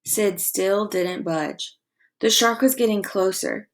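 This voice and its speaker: Woman, elementary teacher, reading aloud, expressive storytelling, comprehension questions, mid pitch. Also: slow pace. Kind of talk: reading a novel aloud to a class.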